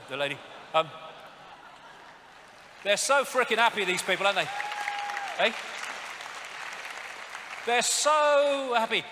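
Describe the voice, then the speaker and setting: A man's voice: high-pitched, bright, forceful tone. A man giving a stage lecture, ranting and sarcastic, swearing often. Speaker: public speaker. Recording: hall reverb, faint crowd.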